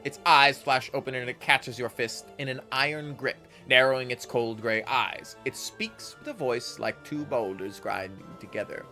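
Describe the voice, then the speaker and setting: A man's voice: medium pitch, moderate pace, hardly any pauses, pushed and bright, soft background music. A man streaming a game, reading its text aloud and rambling casually with his chat, correcting himself as he goes.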